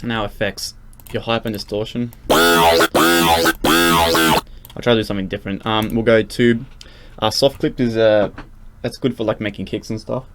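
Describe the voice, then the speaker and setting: A man's voice: lowish voice, fairly even intonation, normal speed, long pauses. A young man talking casually through a music production tutorial, loose and rambling with lots of fillers and restarts. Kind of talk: casual screen-recorded tutorial. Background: loud synth music and keyboard typing.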